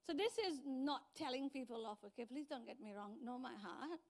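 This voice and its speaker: A middle-aged woman pastor, not from New Zealand, preaches briskly in a notably high voice. Her style is animated storytelling, and she acts out the lines of the people in her stories.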